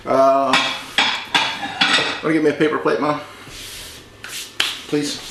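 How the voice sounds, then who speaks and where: A man's voice: on the high side, flat delivery, slow, creaky, very noisy. A man hosting a casual home cooking video, chatty and joking as he works, teasing his mother. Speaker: home cooking show host. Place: home kitchen. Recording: echoey kitchen with dish clatter. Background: clinking dishes and utensils.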